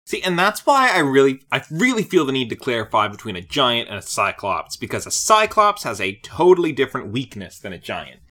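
Woman co-host, low voice with big swings, casual animated review chat. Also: a little fast, few pauses. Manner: animated, laughs often, jumps high when excited. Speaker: podcast co-host.

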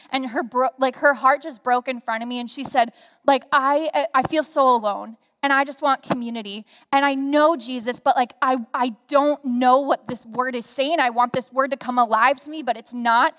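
Animated high-voiced woman in a hall. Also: normal speed. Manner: animated storytelling with many fillers. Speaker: guest speaker. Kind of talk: conversational sharing on a church stage. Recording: reverberant hall sound.

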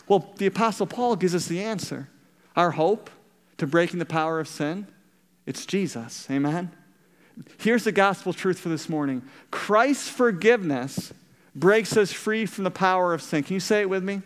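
Male pastor, sermon storyteller who questions the congregation; smooth tone, reverberant hall. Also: a little high, normal speed.

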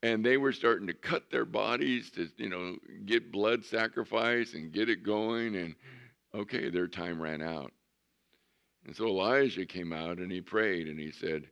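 A man's voice: fairly low pitch, creaky, fairly bright tone, clean tone, lo-fi sound. A man preaching a sermon as pastor, telling stories conversationally and stretching out words for emphasis. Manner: conversational storytelling, drawn-out emphasis.

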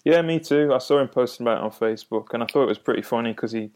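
A man's voice: mid-range voice, very fast, darkish tone, a little hiss or hum. Easygoing man co-hosting. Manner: easygoing, joking banter with a dry edge. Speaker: co-host of a music podcast. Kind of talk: casual chat.

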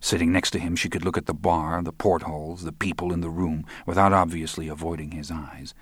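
A man reading novel narration in a steady, understated manner. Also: sits low, brisk, slightly rough, dry recording, studio quality. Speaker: audiobook narrator. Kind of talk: scripted narration.

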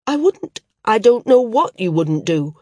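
A woman's voice: fairly high pitch, very animated, measured pace, dark tone, dry recording, clean studio sound, voice pushed up. A woman voicing a desperate, stubborn young woman who pleads on the edge of hysteria. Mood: pleading.

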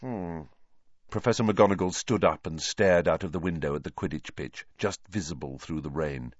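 A man narrating an audiobook in a lively, expressive storytelling manner. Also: low-pitched, a little fast, no room sound. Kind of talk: scripted narration. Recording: dull lo-fi dry recording.

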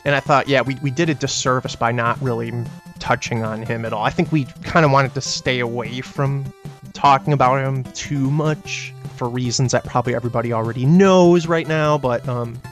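A man's voice: medium pitch, moderate pace, faint music behind. A man co-hosting a casual podcast, rambling with lots of fillers as he tells stories and answers listener questions. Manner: rambling, filler-heavy storytelling. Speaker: podcast co-host.

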